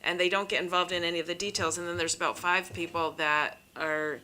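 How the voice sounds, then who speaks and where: Low, bright-toned woman at a meeting. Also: steady tone, a little fast, clear, resonant tone. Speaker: commission member. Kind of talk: committee meeting discussion.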